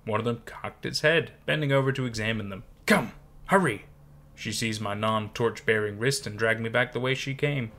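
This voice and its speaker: A man reading a first-person horror story aloud in measured, tense scripted narration. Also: lowish voice, fairly bright tone.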